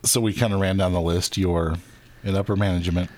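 A man's voice: low voice, fairly even intonation, fairly quick. A middle-aged man hosting a church podcast interview, talking in a loose, rambling way. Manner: conversational, rambling with restarts. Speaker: podcast host. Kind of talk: casual interview.

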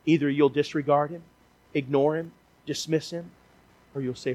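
A man's voice: on the high side, fairly even intonation, darkish tone, a little hiss or hum, low-quality recording. A man preaching a sermon, earnest and pleading as he calls people forward in a church. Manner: earnest, pleading, slows down for emphasis. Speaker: guest preacher. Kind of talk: sermon closing and altar call. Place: church sanctuary.

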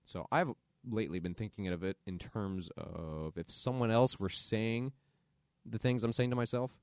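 A man's voice: on the low side, normal speed, a little mellow, clean tone, dry recording, clean studio sound. A man hosting a solo podcast, talking earnestly and conversationally about self-compassion as motivational advice. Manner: earnest, conversational, acts out quoted inner voices. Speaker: podcast host.

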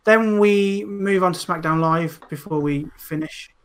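A man's voice: sits high, unhurried, crowd noise. A man co-hosting a podcast who keeps the wrestling rundown moving with brief prompts and questions. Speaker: podcast co-host. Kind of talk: casual wrestling review chat.

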